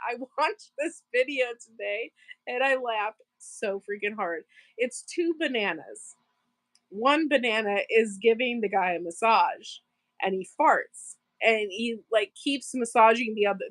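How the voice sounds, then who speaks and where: A woman's voice: a little high, normal speed, fairly bright tone, no echo. A woman hosting a casual live stream from her farm channel, rambling, laughing often and answering viewers in the chat. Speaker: farm channel livestream host.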